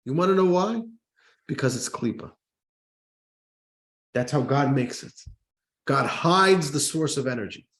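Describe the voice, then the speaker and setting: A man, a rabbi, teaching a class, reading a text aloud and explaining it in an animated way to listeners. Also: medium pitch, a little slow, long pauses. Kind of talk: Torah class lecture. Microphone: microphone in front of him.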